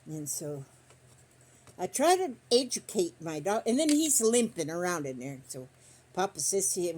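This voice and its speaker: A woman's voice: lowish voice, very animated, normal speed, darkish tone, a little hiss or hum. Folksy older woman chatting while sewing. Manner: folksy, rambling storyteller with country grammar. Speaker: quilting vlogger. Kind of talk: casual chat while sewing. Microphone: phone on a stand.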